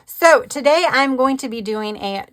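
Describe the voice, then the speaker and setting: A woman's voice: high voice, animated, unhurried. A woman chatting casually about her reading, laughing often and trailing off mid-thought. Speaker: book vlogger. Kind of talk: casual chat.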